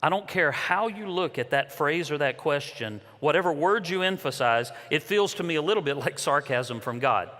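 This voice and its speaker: A man's voice: fairly high pitch, big pitch swings, normal speed, a bit bright. A man giving an earnest, preacherly faith talk to a conference from a stage microphone. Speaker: conference speaker. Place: large conference hall. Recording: long reverb of a large hall.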